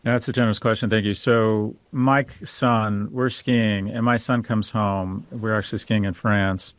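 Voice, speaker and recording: A man's voice: fairly low pitch, fairly even intonation, measured pace, no echo. A middle-aged man, a guest on a podcast interview, speaking in a candid, opinionated way and telling stories. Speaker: guest financial expert.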